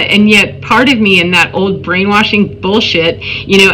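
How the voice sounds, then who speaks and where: A spiritual vlogger with a bright, forceful, medium-pitched voice tells a personal story in a casual, emphatic monologue. She acts out what people said to her. The recording is low quality, with a little hiss or hum.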